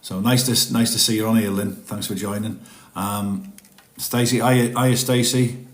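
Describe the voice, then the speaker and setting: A middle-aged man talks openly and rambles a little as he hosts a live stream, stopping to read out viewer messages. His voice sits on the lower side. The sound carries a noticeable room echo. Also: fairly even intonation, unhurried. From northeast England. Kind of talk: casual live-stream chat.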